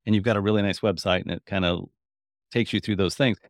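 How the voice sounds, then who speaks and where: A man's voice: on the low side, fairly even intonation, fast talker, no echo, studio quality. A man hosting a podcast interview, enthusiastic and rambling, with frequent restarts. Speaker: podcast host. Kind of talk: interview chat.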